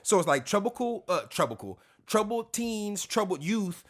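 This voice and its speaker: A man co-hosting a casual podcast chat, telling stories in an animated, slangy way with plenty of cursing. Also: high-pitched, unhurried. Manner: profane, animated, slangy storytelling. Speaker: podcast co-host.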